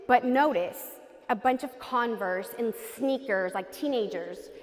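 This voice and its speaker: A woman's voice: high voice, long reverb tail. A woman telling her personal story in an earnest testimony, acting out the people she quotes. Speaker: speaker giving a personal testimony. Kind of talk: emotional personal testimony talk.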